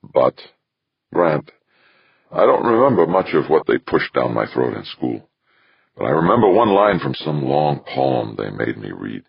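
A man's voice: a bass voice, big pitch swings, measured pace, creaky, slightly rough, no room sound, full character voice. A man voicing a sly, blunt older male smuggler, slangy and knowing. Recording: dull lo-fi recording.

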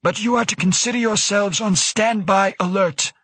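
A man voicing a stern station director who gives sharp, clipped orders. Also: mid-range voice, moderate pace, husky, dry recording, pitched above the performer's own voice.

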